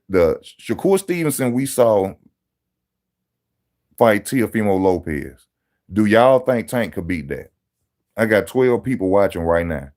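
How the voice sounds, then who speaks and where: A man hosting a live boxing channel stream, talking straight to his viewers in loud street-style banter, mocking and teasing. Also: on the low side.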